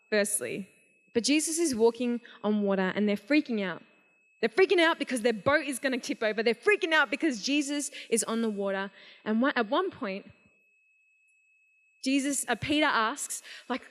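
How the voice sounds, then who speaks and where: A young woman giving a casual, energetic sermon to a youth conference. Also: a little high, normal speed. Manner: energetic, casual, animated storytelling. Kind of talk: live youth sermon storytelling. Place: large event hall. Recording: long reverb of a large hall.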